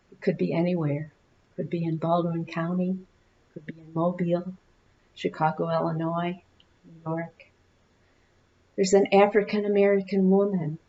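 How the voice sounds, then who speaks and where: A woman minister giving an Easter sermon, telling stories with slow, deliberate phrasing and dramatic pauses, in a church. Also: fairly low pitch, darkish tone, muffled recording, slight background noise. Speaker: guest minister. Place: church sanctuary.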